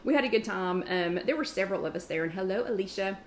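A woman with a Southern US accent hosting a live online chat, talking fast and chatty with quick asides as she greets viewers. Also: medium pitch, animated, a little hiss or hum.

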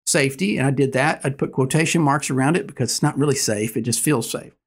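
A man in his sixties, a guest telling stories in conversation, earnest and animated, acting out the dialogue. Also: mid-range voice, fast talker, breathy edge. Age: 60s. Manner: earnest, animated storyteller who acts out dialogue. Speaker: guest, business owner. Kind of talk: conversational storytelling.

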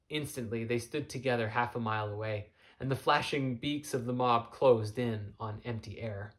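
A man reading a story aloud as narrator in a soft, measured way. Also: mid-range voice. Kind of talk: audiobook narration.

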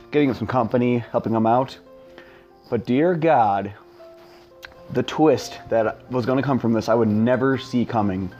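A man's voice: medium pitch, darkish tone, muffled recording. A man in his twenties telling a funny story in a casual, rambling, self-mocking way, full of fillers. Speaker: storyteller, channel host.

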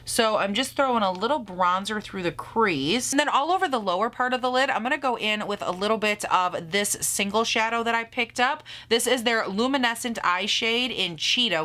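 A woman's voice: mid-range voice, pushed and bright. A woman beauty vlogger reviewing makeup in a gushing, sassy, chatty way with frequent laughs and gasps.

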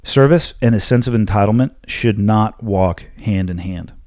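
A man with a fairly low voice hosts a solo podcast, answering listener questions in a blunt, forceful, lecturing way. His voice is recorded close and dry, with no room sound. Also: normal speed, no room sound. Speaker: podcast host.

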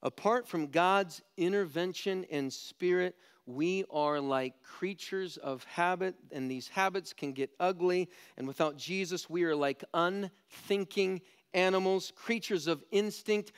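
A man preaching a sermon as pastor, animated and jokey, climbing to loud pleading peaks. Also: a little high, unhurried, clean tone.

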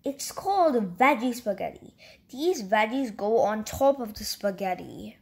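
A woman voicing a calm, encouraging mother tiger in a read-aloud storybook. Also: mid-range voice, unhurried, gravelly. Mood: gentle. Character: patient, gentle mother tiger.

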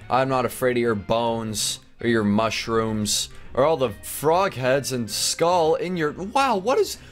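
Excitable and casual, this young gaming channel host narrates his run through an obstacle course, breaking into high-pitched squeals at each surprise. Background music can be heard faintly.

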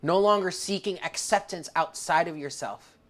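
A woman's voice: fairly low pitch, moderate pace. A woman giving a tarot reading to viewers, emotional and close to tears, calling the listener honey and swearing freely. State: tearful. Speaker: tarot reader.

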